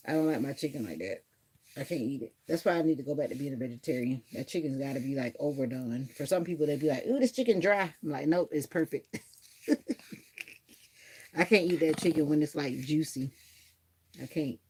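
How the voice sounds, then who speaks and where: A woman's voice: very deep voice, fast talker, a little mellow, breathy edge. A woman hosting a casual livestream, rambling and chatty as she grooms her dog. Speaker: livestream host. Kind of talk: casual chat.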